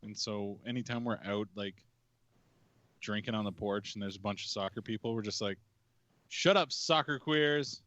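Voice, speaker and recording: A man's voice: lowish voice, flat delivery, a little fast, dry recording. A man from Canada who is a guest on a casual podcast, joking and teasing in a crude way. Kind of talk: casual chat. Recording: dull, dry, lo-fi sound.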